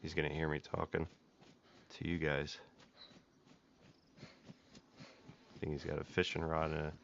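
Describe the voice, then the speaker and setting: A man's voice: rumbling low, flat delivery, unhurried, gravelly, a bit bright. A man streaming a survival game, chatting casually with his viewers as he plays. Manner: chatty, talks to viewers while playing. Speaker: gaming streamer. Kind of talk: casual live commentary while playing. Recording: dull lo-fi mic with faint noise.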